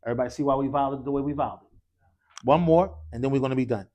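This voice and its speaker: A man's voice: mid-range voice, rapid-fire, darkish tone. A man teaching an Arabic class in a mosque classroom, leading call-and-response drills and quizzing students with casual, encouraging prompts.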